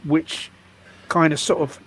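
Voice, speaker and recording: Retired guy, husky and slightly high, talks in stops and restarts. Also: flat delivery, slow pace, a bit bright. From United Kingdom. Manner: hesitant, stammering restarts. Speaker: guest activist. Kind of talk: casual conversation.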